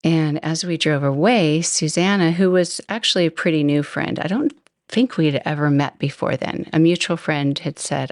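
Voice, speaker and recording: A woman's voice: low voice, moderate pace, darkish tone, no room sound, clean studio sound. A woman hosting a podcast, telling a personal story in a chatty, self-deprecating way. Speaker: podcast host. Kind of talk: storytelling monologue.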